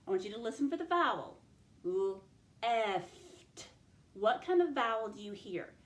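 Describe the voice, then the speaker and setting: Her voice on the high side and sing-song, a woman teacher walks young pupils through a phonics lesson, stretching and sounding out words slowly in a roomy-sounding space.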